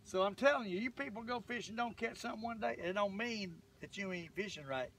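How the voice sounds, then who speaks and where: High-voiced older Southern man fishing. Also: brisk, fairly bright tone, slight background noise. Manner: folksy, rambling, chatty to viewers. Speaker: fishing vlogger. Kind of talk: casual fishing vlog talk. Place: outdoors on a boat on a lake. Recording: distant mic, faint outdoor ambience.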